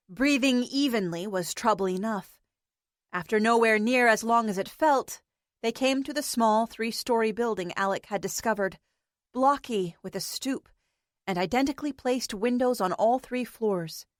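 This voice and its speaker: A woman reading an audiobook in measured, even storytelling narration. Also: fairly high pitch, no echo, studio quality.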